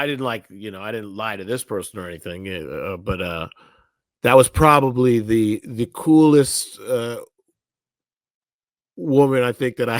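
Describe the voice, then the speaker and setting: A man's voice: on the low side, no room sound, studio quality. A man as a podcast guest, speaking hesitantly, searching for words and laughing easily. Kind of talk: casual chat.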